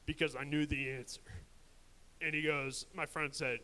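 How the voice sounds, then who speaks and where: A man's voice: on the high side, level tone, normal speed, bright, forceful tone, poor audio. A young man doing a crude, rambling stand-up set at a live open mic, mocking himself along the way.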